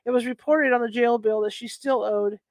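A woman with a slightly high, steady voice reads a nonfiction history book aloud fairly quickly and casually, with no echo. Bothered by allergies, she stumbles over words, corrects herself, and adds chatty asides.

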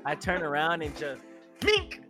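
Young man, podcast co-host, lively storyteller, slightly high voice, music in background. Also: brisk. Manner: animated storytelling with laughs and voice impressions. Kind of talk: casual chat.

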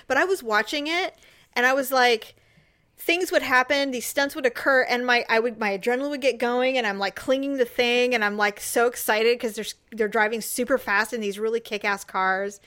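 A woman's voice: on the high side, moderate pace, a bit bright, clear, resonant tone. A woman co-hosting a casual chat, telling stories animatedly and laughing often. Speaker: podcast co-host.

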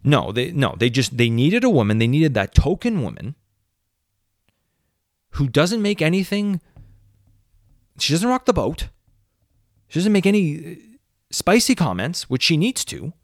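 A man's voice: fairly high pitch, big pitch swings, measured pace, long pauses, no echo, clean studio sound. A man hosting a solo podcast, ranting sarcastically with plenty of swearing. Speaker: podcast host.

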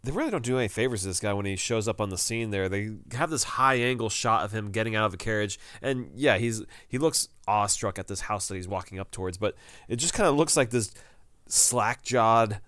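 A man's voice: on the low side, a little fast, no room sound, studio quality. A man co-hosting a podcast, recapping a TV drama episode in casual chat and acting out lines from the scenes. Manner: animated, retells scenes with quoted lines. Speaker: podcast co-host.

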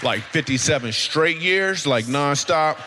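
A man's voice: on the high side, lively intonation, unhurried, sharp tone, big-room sound, a faint crowd, a little hiss or hum. A man doing stand-up comedy, chatting and joking with audience members in a loose, teasing way. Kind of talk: stand-up crowd work.

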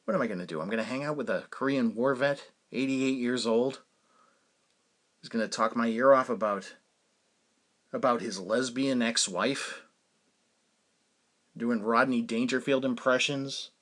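A man's voice: medium pitch, a little slow, long pauses. A man in his forties hosting his own podcast, telling rambling stories in a casual monologue with lots of fillers and laughs. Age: 40s. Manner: rambling, animated storytelling with frequent fillers and laughs. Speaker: podcast host.

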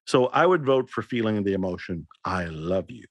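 A man's voice: on the low side, animated, normal speed, no echo, highs cut off. Earnest male author, dry close sound. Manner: earnest, storytelling with acted-out quotes. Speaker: author and teacher, interview guest. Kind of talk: reflective interview answers.

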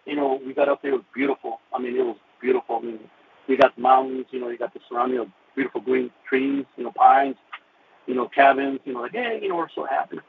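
A man telling his personal faith testimony, emotional and halting, with many "you know" fillers, over a phone-like radio line. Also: medium pitch, expressive, creaky, background noise. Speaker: guest sharing his testimony.

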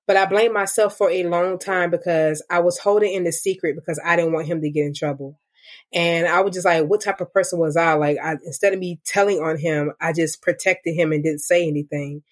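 A woman's voice: lowish voice, fairly even intonation, fairly quick. A young woman giving a candid personal testimony in an interview, reflective and full of "like" and "um". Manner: candid and reflective, with many "like" and "um" fillers. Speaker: interview guest. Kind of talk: personal testimony, casual storytelling.

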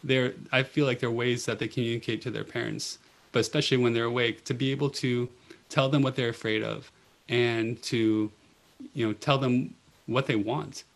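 A middle-aged man, a pediatric oncology nurse, telling stories in an earnest, gentle way with many "you know"s. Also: medium pitch, steady tone, moderate pace, vocal fry. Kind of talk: reflective storytelling in a podcast interview.

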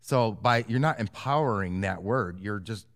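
A man co-hosting a casual chat, opinionated and quick to laugh. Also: fairly low pitch, a bit bright.

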